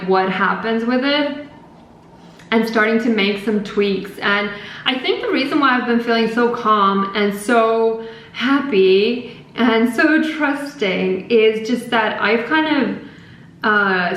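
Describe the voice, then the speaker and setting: Animated woman in a very echoey room. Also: fairly high pitch, a little hiss or hum. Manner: animated, rambling, filler-heavy. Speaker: podcast host. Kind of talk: casual spiritual monologue.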